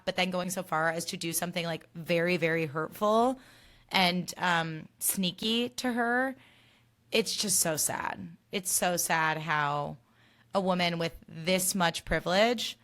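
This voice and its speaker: A woman's voice: on the low side, a bit bright. A young woman hosting a podcast, giving a casual recap in an emphatic, ranting style and swearing freely. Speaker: podcast host.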